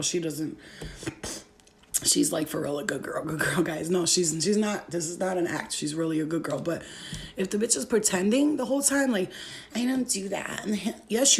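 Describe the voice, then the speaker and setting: A woman's voice: medium pitch, vocal fry, darkish tone. A young woman vlogger telling a story in a blunt, profane way and laughing often. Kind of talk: storytime vlog.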